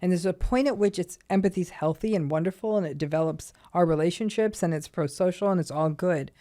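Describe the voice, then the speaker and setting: Measured lower-voiced woman psychologist. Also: warm tone. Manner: measured, clinical, explains step by step. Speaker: psychologist guest. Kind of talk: explanatory interview talk.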